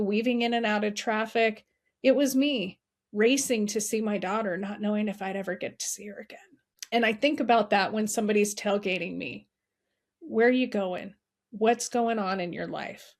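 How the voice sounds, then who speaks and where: A middle-aged woman speaking as a guest, earnestly telling personal stories and repeating encouraging advice. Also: medium pitch. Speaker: guest, suicide prevention advocate. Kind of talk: heartfelt conversational storytelling.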